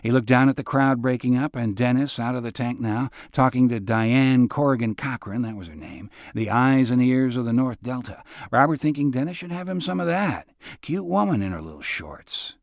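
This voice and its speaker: Male narrator, audiobook, understated, mid pitch, dry studio sound. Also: moderate pace, no room sound. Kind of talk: scripted narration.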